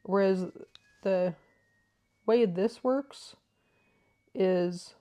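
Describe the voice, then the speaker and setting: Speaking extremely slowly in a medium-pitched voice, a woman runs a crochet vlog from her living room. She is soft-spoken, thoughtful and enthusiastic as she explains, often filling pauses with "um."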